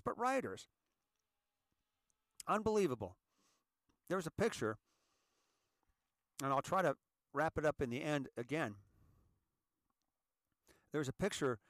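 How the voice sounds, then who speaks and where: Host, male, fairly high voice, impassioned, tired, restarts a lot, dry sound. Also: fairly bright tone, no echo. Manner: impassioned, repeats words, stumbles over restarts. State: tired from a sleepless night. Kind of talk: emotional solo commentary.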